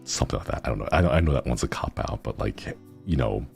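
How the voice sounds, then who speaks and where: Very deep gravelly-voiced man chatting playfully. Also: expressive, quick pace, a little mellow, soft background music. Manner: playful, rambling, giggly. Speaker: streamer. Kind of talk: casual chat with viewers.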